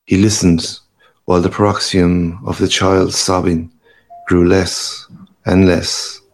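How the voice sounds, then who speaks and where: A man reading a literary story aloud in a measured, grave manner. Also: deep voice, little pitch movement, faint music behind. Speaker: narrator. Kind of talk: audiobook reading.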